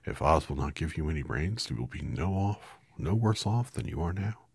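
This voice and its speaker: A polite, kind young girl in a storybook, read by a man with a very deep voice. The husky, gravelly tone is only lightly lifted for her. She sounds sympathetic and well-mannered. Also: animated, normal speed, a little mellow, no room sound, studio quality, heavily acted.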